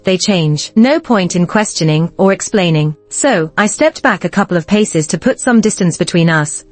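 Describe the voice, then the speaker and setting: A woman's voice: medium pitch, no echo. A woman narrating a first-person romance story in a cool, matter-of-fact way.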